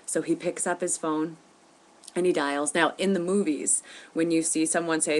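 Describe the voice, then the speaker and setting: Woman vlogger, lower pitch, casual storytelling, indignant and animated. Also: normal speed. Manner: indignant, animated retelling with laughs. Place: at home, indoors.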